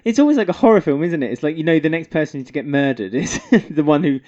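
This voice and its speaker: A podcast co-host in casual chat about a soap opera, talking in an animated way with frequent laughs. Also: medium pitch, quick pace, dull audio.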